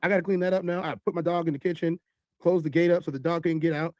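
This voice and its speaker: A man telling a long story in animated style, acting out other people's voices. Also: on the high side, fast talker, dry recording, dull audio. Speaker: podcast host telling a story.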